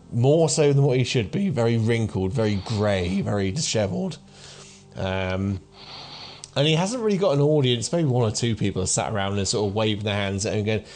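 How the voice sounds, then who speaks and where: A man's voice: fairly low pitch, a little mellow. Rambling man in his thirties. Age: 30s. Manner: rambling, many fillers and restarts. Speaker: game master. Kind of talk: narrating a tabletop game.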